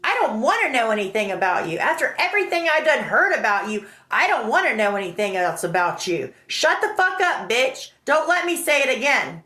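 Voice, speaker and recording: A man's voice: very high voice, expressive, fairly quick, few pauses, pushed and bright, reverberant, voice pushed up, full character voice. A woman voicing a rude, aggressive man who threatens her. He sounds harsh and hostile.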